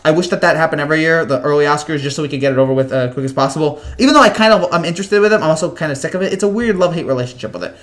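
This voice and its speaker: A man's voice: fairly high pitch, very fast, hardly any pauses, a bit bright. A young man in his twenties hosting a casual livestream, chatting with viewers in a rambling way, full of fillers and stammered restarts. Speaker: livestream host. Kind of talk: casual live chat reading viewer comments.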